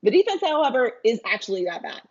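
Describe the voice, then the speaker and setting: A woman co-hosting a sports podcast, talking in a lively, opinionated way. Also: fairly high pitch, fast, slightly rough, dull audio. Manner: animated, opinionated. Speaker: podcast co-host. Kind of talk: casual sports talk.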